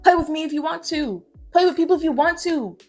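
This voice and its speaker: A woman's voice: sits high, fairly quick, darkish tone, faint music behind. Fired-up young woman ranting. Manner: brash, profane, fired-up ranting. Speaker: online commentator. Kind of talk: heated reaction commentary. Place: her own room at home.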